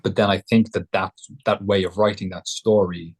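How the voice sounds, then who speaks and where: Man podcast co-host, low and breathy, measured and reflective. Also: level tone, darkish tone. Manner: thoughtful, measured, with many ums. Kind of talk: casual chat.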